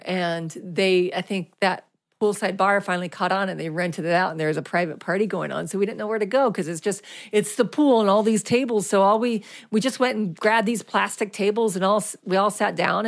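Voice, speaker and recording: A woman's voice: medium pitch, normal speed. A woman in her thirties, a podcast host, telling a long story in casual chat. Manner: chatty, rambling storyteller with fillers and restarts.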